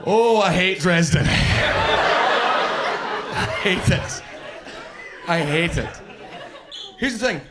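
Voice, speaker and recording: A Scottish man performing brash stand-up comedy, swearing freely and quickly acting out the people in his stories. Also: high-pitched, heavy background noise. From Scotland. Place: comedy club stage before a live audience. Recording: live club audio with crowd laughter.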